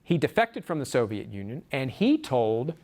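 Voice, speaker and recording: A man giving a lecture to a small group, animated, acting out quotes from the book. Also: mid-range voice, moderate pace. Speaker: speaker. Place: room with a small audience. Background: audience laughter.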